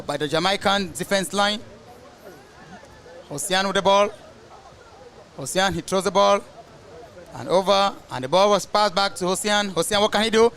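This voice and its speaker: Male match commentator, high and sharp-toned, rambling play-by-play with tangents. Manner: rambling, drifts into asides about famous players. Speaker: soccer commentator. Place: outdoors at a soccer match.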